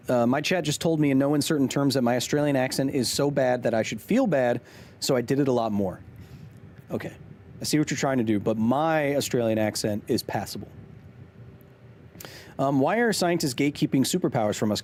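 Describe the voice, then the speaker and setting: A man's voice: medium pitch, darkish tone, slight background noise. A man in his thirties hosting a casual live stream, joking while reading chat aloud. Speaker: streamer and host.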